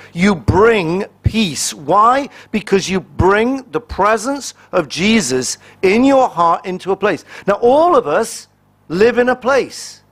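A pastor preaches a sermon in a humorous, conversational style, acting out small quoted exchanges. His voice sits high.

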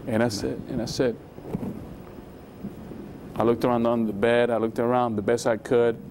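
A man's voice: mid-range voice, little pitch movement, normal speed, background noise. A man giving an emotional testimony as a guest in a religious interview, acting out the voices in his story with sudden rises. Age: 20s.

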